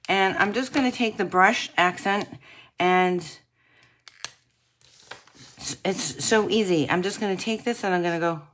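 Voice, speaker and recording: A woman casually demonstrating card-making techniques, chatting to viewers and often clearing her throat. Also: medium pitch, unhurried, long pauses, fairly bright tone, slight background noise. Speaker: craft demonstrator.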